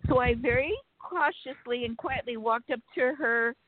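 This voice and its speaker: A woman calling in to a talk show, telling her story in an earnest, frustrated way with many fillers and pauses. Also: a little high, no room sound. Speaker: caller. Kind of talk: phone-in storytelling. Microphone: telephone. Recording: phone line.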